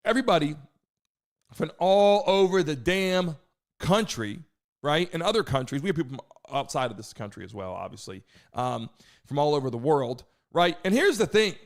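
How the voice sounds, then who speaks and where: A man hosting a live stream, hyping the chat, shouting out viewers and talking loosely with some swearing. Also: a little high, big pitch swings, moderate pace. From United States.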